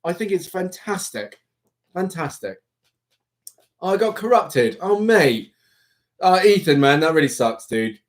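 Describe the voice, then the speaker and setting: A young man hosting a livestream, chatting casually with viewers in an animated, rambling way. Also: fairly high pitch, a little slow, pauses often. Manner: chatty, animated, self-interrupting. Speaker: livestream host. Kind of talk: casual live chat with viewers.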